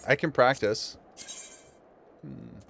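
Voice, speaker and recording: A man's voice: medium pitch, slow, creaky, a bit bright, faint music behind. A man streaming a game, chatting casually and laughing as he talks to his viewers. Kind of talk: casual livestream chat.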